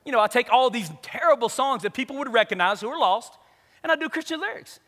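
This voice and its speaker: A man with a very high, bright voice preaches to a crowd, spinning a funny story and slipping into the voices of its characters. His words ring out with the long reverb of a large hall. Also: quick pace. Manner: animated, comic, acts out the people in his story. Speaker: pastor. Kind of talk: storytelling sermon.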